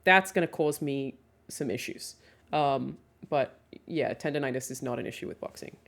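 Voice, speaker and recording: A young woman with a deep, low voice talks casually to her stream, answering chat questions one after another. She is candid and chatty, swears without a second thought, and laughs easily between points. She speaks into a desk mic from a home streaming setup. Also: moderate pace.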